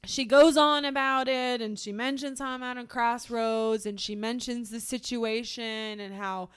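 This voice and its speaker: This podcast co-host is a young woman with a fairly high, clean voice, unhurried and fairly even in intonation. Chatting casually, she tells a personal story in a rambling way, full of "like" and restarts.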